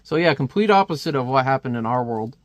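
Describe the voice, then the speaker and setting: A man's voice: mid-range voice, expressive, fast talker, dry recording. A man casually reviewing a comic, chatty and wry, with many fillers.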